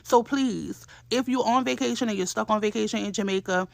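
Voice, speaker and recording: A woman delivers a blunt, profane, scolding rant straight to camera. Her voice has a gravelly fry. The sound is dry and close. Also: medium pitch, fairly quick, no echo. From New Orleans, USA. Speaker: commentator.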